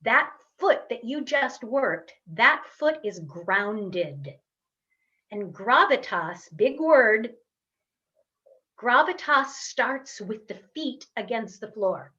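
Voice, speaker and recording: Slow, high-voiced woman leading a vocal warm-up. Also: very animated, lo-fi sound. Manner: slow, encouraging instructions with long sung hums. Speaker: voice coach leading a workshop warm-up. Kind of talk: guided vocal warm-up instruction. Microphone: webcam on a video call.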